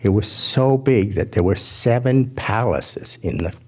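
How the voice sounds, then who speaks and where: A man telling a folk tale to a gathering, in a measured, gentle storytelling manner. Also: lowish voice.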